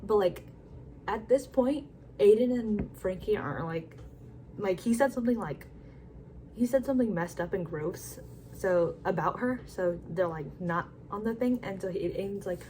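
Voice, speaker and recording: A woman's voice: medium pitch, normal speed, slight background noise, poor audio. A young woman vlogging about books in a casual, rambling way, full of fillers and swearing. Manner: rambling, filler-heavy, excitable retelling with frequent likes and swearing. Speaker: book vlogger. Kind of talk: casual chat.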